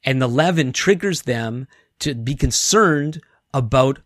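A man's voice: medium pitch, a little slow, no echo, clean studio sound. A male pastor giving a conversational sermon, acting out quotes and often restarting words. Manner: conversational, animated, acts out quotes, repeats words.

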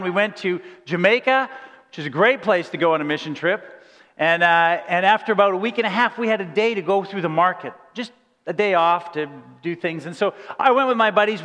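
A man's voice: sits high, fairly bright tone, long reverb tail. A male pastor preaching a sermon, telling stories with playful asides to the congregation.

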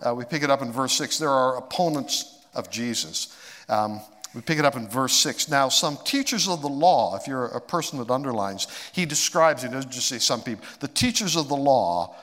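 A man delivers a sermon as a personal story, his mid-range voice rising when excited and dropping to a hush at tender moments. His words ring out with the long reverb of a large church hall. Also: medium pitch, moderate pace. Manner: personal storytelling, swinging from excited to hushed and emotional. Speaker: pastor.

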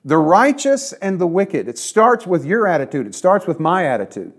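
Earnest preaching man, higher-pitched voice. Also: big pitch swings, normal speed, breathy edge. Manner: earnest, conversational preaching with emphatic repetition. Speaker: pastor. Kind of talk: sermon.

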